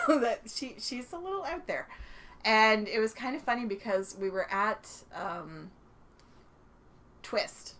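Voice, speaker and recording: This Canadian woman speaks slowly in a fairly high, expressive, fairly bright voice. As a podcast co-host she keeps the chat casual, laughing a lot and performing quotes in her stories.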